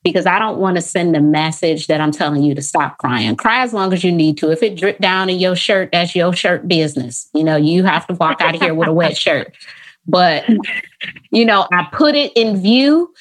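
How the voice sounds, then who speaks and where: A woman therapist talking in a podcast conversation, animated and acting out the voices she quotes, with laughs. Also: on the low side, normal speed.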